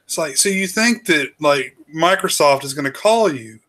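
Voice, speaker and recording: A man's voice: a little high, lively intonation, moderate pace, fairly bright tone. A man in a casual podcast chat, making blunt, dismissive remarks.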